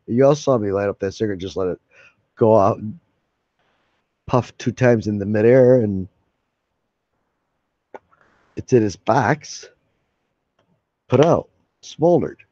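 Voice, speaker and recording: Low, dark-voiced rambling man. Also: takes it slowly, pauses often, no echo. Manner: rambling, folksy, swears freely. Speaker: live streamer. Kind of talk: casual chat to viewers. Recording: dull lo-fi mic.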